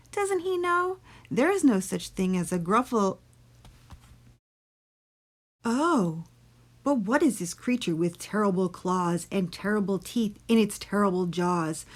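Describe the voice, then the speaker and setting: A woman voicing a small, clever and cheeky male mouse in a storybook read-aloud. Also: a little high.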